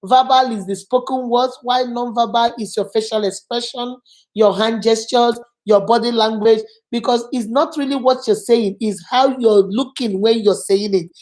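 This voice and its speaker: A woman's voice: on the high side, fairly even intonation, normal speed, darkish tone. Earnest middle-aged woman hosting. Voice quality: earnest, emphatic, repeats for stress. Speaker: channel host. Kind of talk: casual advice talk.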